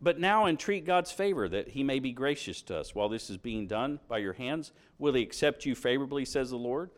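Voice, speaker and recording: A man's voice: medium pitch, lively intonation, fairly quick. Middle-aged man, preacher, sermon, scripture reading, questions to the congregation. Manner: reads scripture aloud, then asks the congregation questions.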